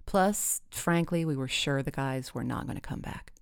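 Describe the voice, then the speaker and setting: A woman telling a comic personal story with wry, deadpan timing. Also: a bass voice, normal speed, smooth, no room sound, clean studio sound.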